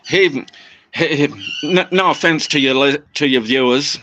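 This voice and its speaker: Casual male guest, rambling delivery with restarts, bright forward tone, dry close sound on a phone. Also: on the high side, measured pace, dry recording, dull audio. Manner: rambling, restarts, mimics his birds' phrases. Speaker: guest parrot keeper. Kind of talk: casual chat.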